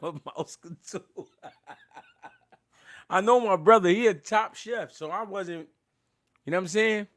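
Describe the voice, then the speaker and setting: A man hosts a casual boxing livestream, talking loosely and without a script in street slang. His voice sits a touch high for a man, and at a moderate pace he rambles, laughs often and keeps thanking his viewers.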